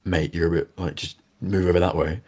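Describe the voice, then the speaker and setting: A young man co-hosting a podcast, talking in a laid-back casual way, his voice hoarse and raspy from a sore throat. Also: low-pitched, steady tone, brisk, darkish tone. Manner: laid-back, shrugging things off. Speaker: podcast co-host. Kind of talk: casual chat.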